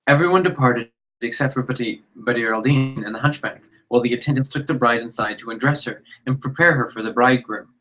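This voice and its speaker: A man's voice: medium pitch, a little fast, fairly bright tone, faint music behind, low-quality recording. A man reading classic literature aloud, with dry, joking asides. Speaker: storyteller.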